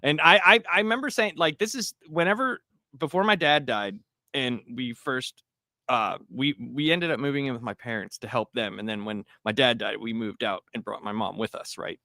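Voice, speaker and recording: Brief: male podcast co-host, 30s, animated storyteller with a bright, lively voice, dry close mic. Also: medium pitch, normal speed, no echo. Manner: animated storyteller, swears, laughs, acts out quotes. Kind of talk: casual chat.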